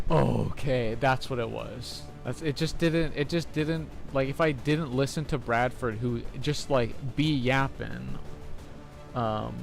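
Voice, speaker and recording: A man's voice: medium pitch, vocal fry. A young man streaming a game into a desk mic, rambling and restarting his phrases as he chats casually. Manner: rambling, restarts phrases often, laughs at mishaps. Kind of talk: casual gameplay commentary.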